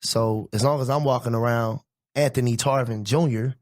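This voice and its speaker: Reflective man, slow halting talk. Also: mid-range voice, steady tone, darkish tone, dry recording, clean studio sound. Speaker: podcast co-host. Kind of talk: casual chat.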